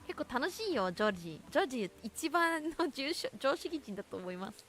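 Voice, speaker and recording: A woman's voice: high-pitched, big pitch swings, very fast, a bit bright. A woman streamer chatting casually as she plays a game, playfully switching between languages. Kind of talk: casual chat while playing a game.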